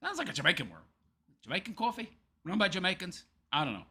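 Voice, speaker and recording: A man with a high, very lively voice and a sharp, bright tone. He comments on a clip in a sarcastic, taunting way and laughs often. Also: fast, breathy edge. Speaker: show host. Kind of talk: mocking commentary over a clip.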